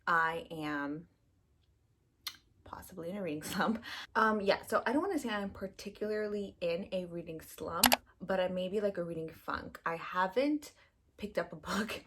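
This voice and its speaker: A woman's voice: on the low side, a bit bright. A young woman vlogging about books in a chatty, gushing way, full of fillers and acted-out reactions. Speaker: book vlogger. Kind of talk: casual chat.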